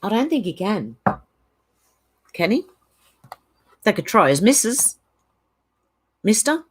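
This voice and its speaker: A woman's voice: mid-range voice, sing-song, takes it slowly, husky. An Australian woman hosting a casual livestream, reading viewer comments aloud and rambling through her reactions. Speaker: channel host.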